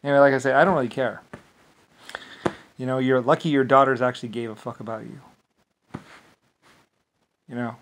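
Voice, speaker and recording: A man talking alone in a loose, rambling rant at an ordinary middle pitch. He swears freely and waves things off with filler, one thought spilling into the next. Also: steady tone, a little fast, long pauses, slight background noise. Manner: profane, dismissive rant with frequent filler. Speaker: channel host. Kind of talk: rambling solo monologue.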